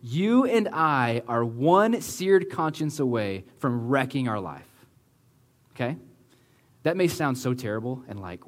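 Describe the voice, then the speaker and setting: A man preaching a sermon in a church, earnest and conversational, often slowing to a hush for emphasis. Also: mid-range voice, animated. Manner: earnest, conversational preaching with many "like" and "right?" asides; slows down and drops to a hush for emphasis. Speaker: pastor.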